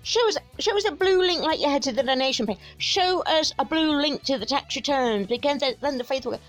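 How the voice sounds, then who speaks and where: A woman's voice: high voice, expressive, a little fast, few pauses, soft background music. A woman giving sarcastic, exasperated commentary on a video she is watching, chatty and scornful.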